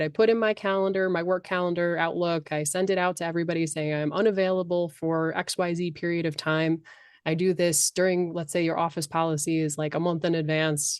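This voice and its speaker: A middle-aged woman talking as a life coach on a podcast, passionate and animated. Her voice sits a little low. The sound is close and dry. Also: clean tone, dry recording. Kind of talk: podcast interview.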